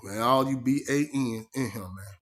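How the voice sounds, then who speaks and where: Man, casual storyteller, emphatic, streetwise, mid-pitched voice. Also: normal speed, fairly bright tone. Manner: emphatic and streetwise, repeats "you know what I mean". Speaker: vlogger. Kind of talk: casual first-person storytelling.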